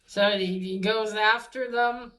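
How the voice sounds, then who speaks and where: A woman's voice: medium pitch, fairly even intonation, slow pace, fairly bright tone. A woman giving a casual, rambling recap of a comic, with many fillers and restarts and the odd swear. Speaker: comic reviewer.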